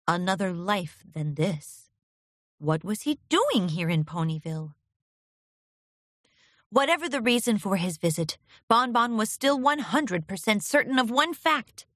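A woman narrating a pony fan fiction story aloud in a steady, expressive storytelling manner. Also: medium pitch, dry recording, studio quality.

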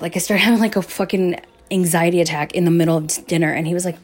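A woman's voice: fairly low pitch, steady tone, brisk, a little mellow, husky, faint music behind. A young woman vlogger telling a story to her viewers in a casual, rambling way, swearing often and filling gaps with "like" and "um". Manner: rambling, profane, lots of "like" and "um".

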